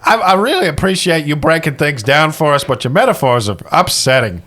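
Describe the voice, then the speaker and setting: A man's voice: on the high side, expressive, a little fast, pushed and bright, a little hiss or hum. A man playing in a tabletop game, talking in a dry, understated way. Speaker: player. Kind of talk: casual tabletop game play.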